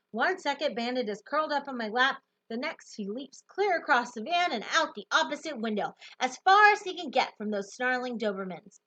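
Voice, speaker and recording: Bright, expressive woman narrating a novel. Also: high-pitched. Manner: expressive, lively storytelling. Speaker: audiobook narrator. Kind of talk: first-person novel narration.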